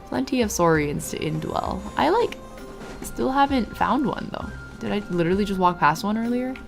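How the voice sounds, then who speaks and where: A woman's voice: medium pitch, expressive, moderate pace, vocal fry, over music. A woman streamer chatting casually while playing a game and answering her chat. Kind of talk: casual gameplay commentary.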